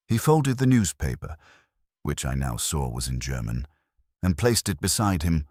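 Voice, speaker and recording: A man narrating a mystery story in the first person, measured, wry and formal. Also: rumbling low, big pitch swings, slightly rough, no echo, studio quality.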